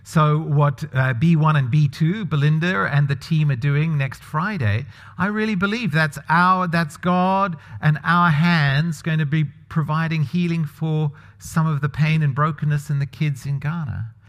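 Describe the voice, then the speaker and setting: A man gives a sermon in a relaxed, conversational manner and keeps asking the congregation questions. His voice sits a little higher than most men's. The sound carries a long reverb, as in a church hall. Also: a little slow. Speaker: pastor.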